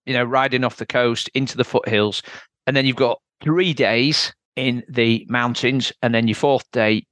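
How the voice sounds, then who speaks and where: A man's voice: medium pitch, steady tone, normal speed, a bit bright, no echo. A man hosting a podcast, telling a story in a chatty, anecdotal way. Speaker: podcast host. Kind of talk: casual conversation, storytelling.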